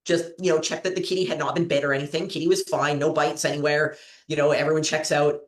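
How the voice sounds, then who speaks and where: A low-voiced woman talks fast with a flat delivery while hosting a trivia show. She's a giggly, rambling storyteller chatting casually and laughing often, and the audio carries a roomy echo.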